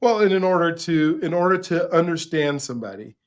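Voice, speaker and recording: A man's voice: fairly high pitch, lively intonation, a little fast. A man hosting an interview, asking long, enthusiastic questions full of fillers and restarts. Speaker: podcast host. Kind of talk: conversational interview.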